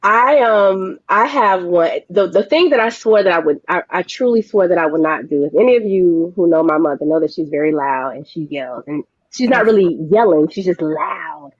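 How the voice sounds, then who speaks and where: A woman host telling a personal story in casual chat, speaking in an animated, expressive way. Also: lowish voice, moderate pace, few pauses, no room sound. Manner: animated storytelling with Southern Black vernacular. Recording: dull lo-fi dry sound.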